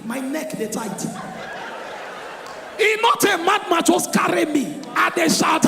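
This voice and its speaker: High-voiced Nigerian comedian shouting on stage. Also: male voice, moderate pace, creaky, soft background music. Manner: loud, animated storytelling in Pidgin. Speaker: stand-up comedian. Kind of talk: live stand-up comedy. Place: large venue stage before an audience. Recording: echoey hall with crowd noise.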